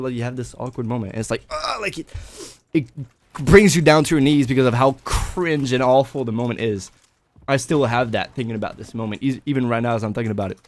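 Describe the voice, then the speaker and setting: A young man tells a personal story to his viewers in a loose, animated way, swearing freely. His voice sits in an ordinary middle pitch. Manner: animated, swearing, breaks into laughter. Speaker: vlogger. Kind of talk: casual storytelling vlog.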